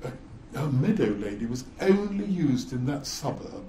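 A man's voice: mid-range voice, very animated, moderate pace, dark tone, a little hiss or hum. An older man, a former lawyer, telling stories in a wry, amused way as a guest speaker. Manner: wry, amused, chuckles through his stories. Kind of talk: anecdotal storytelling. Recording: roomy echo.

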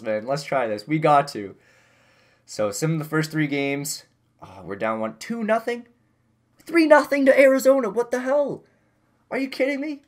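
A young man casually commentating his own video game season, getting loud when excited and muttering when disappointed. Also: medium pitch. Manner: excitable, swings between yelling and muttering. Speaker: gaming YouTuber.

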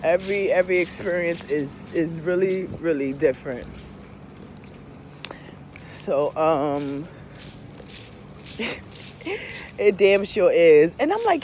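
Young woman, candid vlog storyteller, swears and laughs, voice swings high to low, faint traffic outside. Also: expressive, slow pace, long pauses, a little mellow. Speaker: vlogger. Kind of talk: candid casual storytelling to camera.

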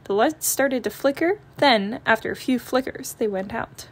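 A woman reading a children's picture book aloud, gentle and expressive as she tells the story. Her voice sits a bit high. She paces the story warmly for young listeners. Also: moderate pace.

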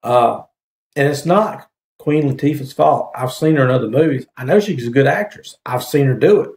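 A man's voice: mid-range voice, normal speed, darkish tone. A man hosting a casual video review, rambling with hesitant fillers and frequent laughter. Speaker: YouTube reviewer host. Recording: echoey room.

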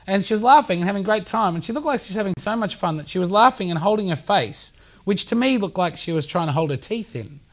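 A man's voice: high-pitched, lively intonation, fairly bright tone. A man, a comedian guest telling a stand-up style story, jokey and laughing through it. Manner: quick jokey, laughs through his own stories.

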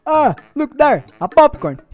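A woman voicing a cheerful, boastful young hero in a fan-made game video, excited and playful. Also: on the high side, heavily acted.

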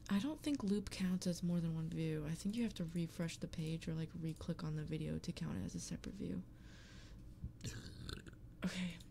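A woman's voice: lowish voice, normal speed, gravelly, warm tone, slight background noise. A woman livestreaming and chatting casually to her viewers, blunt and profane with playful grumbling. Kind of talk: casual stream chat. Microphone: streaming microphone.

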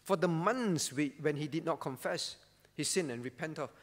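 An earnest man preaching as pastor, pleading with his listeners and often dropping to a hushed tone. His voice sits fairly high. A long reverb from the church space trails each phrase. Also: normal speed. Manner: earnest, pleading preaching that drops to soft tones. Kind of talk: sermon.

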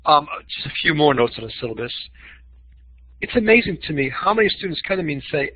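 A man leads a teaching webinar, his voice a little husky and set a touch high for a man. He leans on emphasis and contrast as he speaks. The sound is dry and dull, like lo-fi webinar audio. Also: fast talker, dry recording. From Boston. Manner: expressive, uses voice for emphasis. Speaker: webinar presenter.

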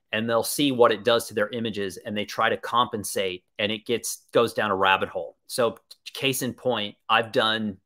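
A man's voice: on the low side, sharp tone. A man presenting a live webinar, talking in an enthusiastic, conversational way and answering viewer questions as he thinks aloud.

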